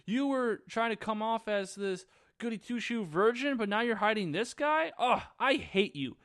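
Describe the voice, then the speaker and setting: A man's voice: animated, moderate pace, fairly bright tone, no echo, clean studio sound. Man doing a shrieking furious woman. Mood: outraged. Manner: shrill, accusing outbursts.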